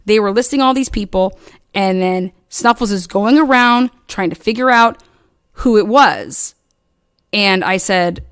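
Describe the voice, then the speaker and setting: A woman's voice: medium pitch, measured pace, smooth, dry recording, clean studio sound. Profane, rambling woman recounting drama. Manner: rambling, profane, quotes others in animated bursts. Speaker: online commentator. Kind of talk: casual recounting of online drama.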